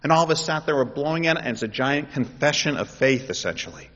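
Impassioned preacher in a reverberant hall. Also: male voice, on the high side, quick pace. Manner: animated, rising to loud impassioned pleas. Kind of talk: sermon. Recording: dull audio in a reverberant hall.

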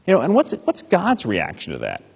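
A man preaching a sermon in an animated way, with mock-indignant asides. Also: fairly high pitch, moderate pace, creaky, breathy edge. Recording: dull sound in a reverberant hall.

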